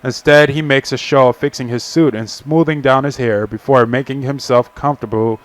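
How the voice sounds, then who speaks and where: A man's voice: mid-range voice, steady tone, moderate pace. A young man casually reading a visual novel aloud on a stream, with profane asides. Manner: casual, swearing, laughing asides.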